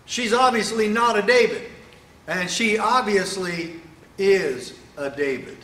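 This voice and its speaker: A man giving an emphatic political speech to an audience at an event, pausing for rhetorical questions. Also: high voice, sharp tone, recorded from a distance. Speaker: speaker at a sheriffs' event. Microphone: microphone, sometimes stepping away. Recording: echoey hall.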